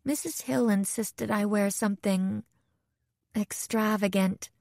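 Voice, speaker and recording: Woman reading as weary young bride, hesitant, slightly raised pitch, slow delivery. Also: steady tone, creaky, a little mellow, no echo, studio quality. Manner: tired, hesitant.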